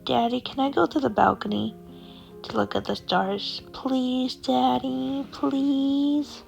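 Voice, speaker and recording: A woman voicing a six-year-old girl with a high, pleading child voice. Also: steady tone, slow, vocal fry, muffled recording, faint music behind, full character voice.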